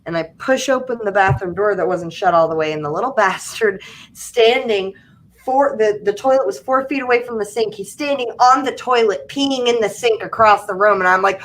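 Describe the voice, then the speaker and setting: A woman's voice: medium pitch, moderate pace. A young adult woman hosting a livestream, chatting casually and telling funny stories with frequent laughter. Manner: animated storytelling, laughing often. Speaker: livestream host. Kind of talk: casual chat.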